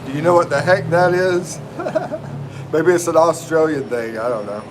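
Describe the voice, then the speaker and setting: A middle-aged man with a drawl hosts a relaxed live stream. He chats loosely with viewers and greets them by name, his voice sitting a little higher than most men's. Loud air-conditioner hum and traffic noise run under him. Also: measured pace. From North Carolina, US. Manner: laid-back, chatty, greets viewers by name. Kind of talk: casual live-stream chat.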